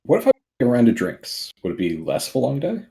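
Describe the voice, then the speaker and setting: A man's voice: medium pitch, wildly swooping pitch, fast talker, vocal fry, mellow. A man playing a tabletop game, asking questions in a friendly, inquisitive way as his character. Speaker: player.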